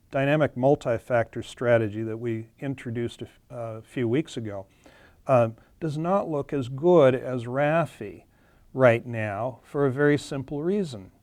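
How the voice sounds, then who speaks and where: Here a man walks viewers through charts in a webinar, speaking plainly and now and then stumbling into fillers or self-corrections. His voice sits at medium pitch with a darkish tone, and the recording is dry.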